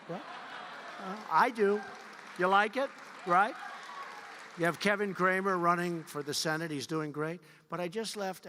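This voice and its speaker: At a fundraiser in a large event hall, a man gives a rally speech that is rambling, boastful and repetitive. His voice sits on the high side with a fairly bright tone, and long hall reverb fills the recording.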